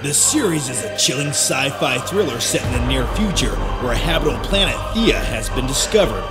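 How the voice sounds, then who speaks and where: A man putting on a booming trailer announcer. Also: expressive, a little fast, over loud music, close to an everyday voice. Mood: dramatic. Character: dramatic male movie trailer announcer.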